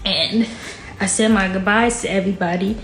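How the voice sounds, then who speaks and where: A woman's voice: mid-range voice, steady tone, moderate pace, a bit bright, slight background noise. A woman guest telling a painful personal story in a casual, frank way, with lots of "like". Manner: casual, frank, fills speech with "like". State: emotional, near tears at times. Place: podcast studio. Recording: echoey room with faint music.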